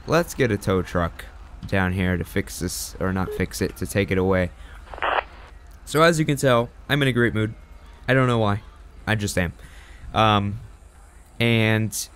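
A man's voice: on the low side, fairly bright tone, slight background noise. A young man rambling through casual gameplay commentary, chatty and self-deprecating. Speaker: gaming channel host.

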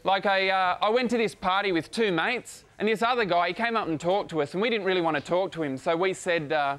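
A young Australian man doing a stand-up routine on stage, with dry, deadpan jokes. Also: high-pitched, a little fast, few pauses. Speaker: stand-up comedian. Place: comedy stage before a live crowd.

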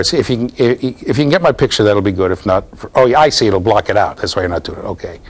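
A man lecturing a university class in a lively, jokey way, talking straight to the students. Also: medium pitch. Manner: animated, jokey, talks to students directly.

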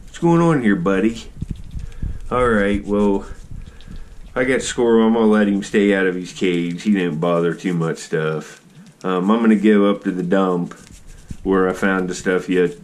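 A man's voice: low-pitched, darkish tone. A man with an Ohio accent, chatting casually to his pet squirrel and viewers while digging for antique bottles at an old dump. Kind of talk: casual vlog narration. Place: outdoors at an old dump site.

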